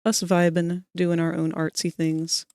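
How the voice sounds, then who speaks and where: Low-key streamer musing while modeling. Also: completely flat delivery, measured pace, a little mellow, smooth, no room sound. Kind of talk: casual livestream chat while working.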